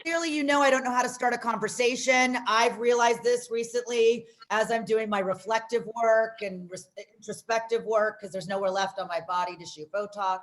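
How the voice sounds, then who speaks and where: A woman from Las Vegas hosting a comedy show, doing loud, rambling, self-mocking stand-up. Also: fairly high pitch, steady tone, normal speed, hardly any pauses.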